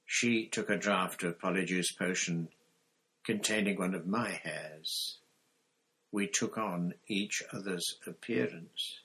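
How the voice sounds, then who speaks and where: A dazed young man under a truth potion, read by a man, speaking in a flat, expressionless drone. His voice sits low and moves slowly. It is an audiobook confession. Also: slightly rough, heavily acted, rough recording.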